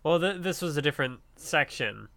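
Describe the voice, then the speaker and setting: A man chats casually on a podcast, retelling scenes with animated quoted lines. His voice is crisp and bright, recorded close and dry. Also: on the high side, a little fast, no room sound. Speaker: podcast co-host. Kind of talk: casual chat.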